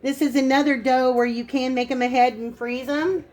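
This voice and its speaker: A woman hosting a casual cooking vlog in her home kitchen, chatty and quick to laugh at herself. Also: high-pitched, steady tone, a little mellow. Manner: chatty, laughing, self-teasing.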